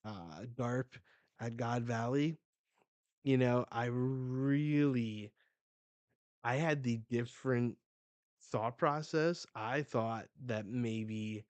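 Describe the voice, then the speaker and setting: A man hosting a live manga reaction, retelling the chapter excitedly and swearing as he goes. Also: mid-range voice, drawn-out words, dry recording.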